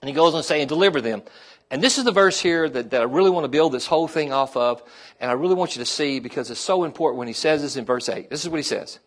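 A male pastor preaches in a loose, conversational way, circling back over his phrases and checking in with the congregation. His voice sits a little high for a man. When he rouses the room, he climbs higher and gets louder. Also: fast talker. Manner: conversational, repeats himself, asks "amen?"; rises in pitch and volume when stirring the congregation. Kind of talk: sermon.

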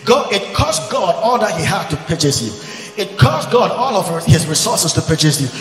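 A male pastor preaching a fiery sermon, quoting old-style scripture and at times shouting and speaking in tongues. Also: high voice, big pitch swings, normal speed, faint music behind. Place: large church event hall. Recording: echoey hall recording.

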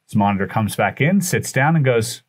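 A man who is a guest on a podcast, telling a story in animated fashion, acting out the dialogue and often restarting his sentences. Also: medium pitch, normal speed, husky. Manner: acts out dialogue with shifting voices, frequent restarts.

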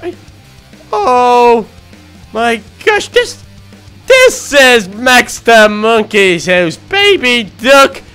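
A man voicing a timid, excitable young male baby duck in a game role-play, gasping and easily frightened. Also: very high voice, very slow, clean tone, faint music behind, exaggerated voice. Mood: scared. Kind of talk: Minecraft role-play narration.

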